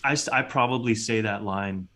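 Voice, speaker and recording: A man chatting casually on a podcast, animated and profane, with frequent uh and um. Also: lowish voice, moderate pace. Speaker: podcast co-host. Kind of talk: casual chat.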